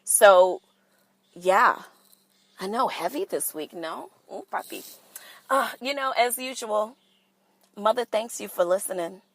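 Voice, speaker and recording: A woman with a mid-range voice hosts a casual solo podcast, addressing her listeners directly in a candid, sassy, profane, playful way. The audio is poor, with no room sound.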